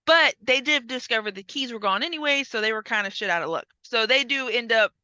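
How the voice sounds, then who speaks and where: A woman's voice: fairly high pitch, lively intonation, a little fast, bright, forceful tone, no echo, dull audio. A woman hosting a podcast, chatting casually, swearing freely and acting out lines as she retells a story. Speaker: podcast host. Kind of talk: casual chat.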